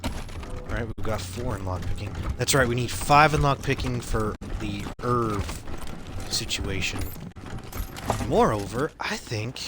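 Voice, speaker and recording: A man streaming a game live, commenting excitedly and swearing often. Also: medium pitch. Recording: noisy stream audio.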